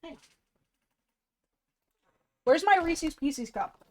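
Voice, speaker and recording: A woman's voice: very high voice, animated, takes it slowly, darkish tone. A woman streamer chatting casually on a livestream, self-mocking and swearing freely.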